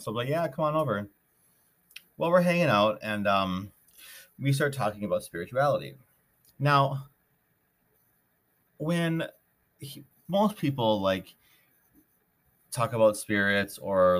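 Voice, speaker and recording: A man with a somewhat low voice tells a story on his podcast. He rambles, circles back and restarts often, and keeps it loose and conversational. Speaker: podcast host. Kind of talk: casual storytelling.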